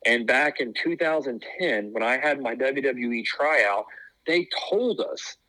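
A podcast co-host who once tried out for wrestling chats casually, rambling with plenty of fillers and restarts. His medium-pitched voice is pushed and bright, with lively intonation at a measured pace, on a dry, low-quality recording.

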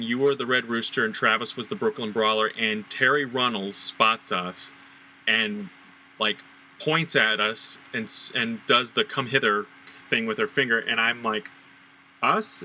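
Bright-voiced middle-aged man reminiscing. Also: mid-range voice, slight background noise, low-quality recording. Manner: relaxed, recalling details with fillers. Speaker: podcast host. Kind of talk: casual podcast chat.

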